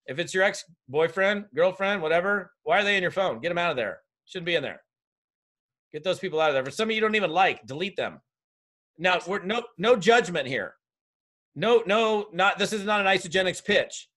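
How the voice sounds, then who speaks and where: A man coaching a group of network marketers on a video call, direct and energetic, talking straight to his audience. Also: high-pitched, brisk.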